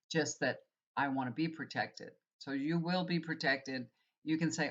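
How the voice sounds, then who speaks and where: A woman's voice: low voice, normal speed, highs cut off. A woman tarot reader and healer in an earnest, rambling casual spiritual talk, with many fillers.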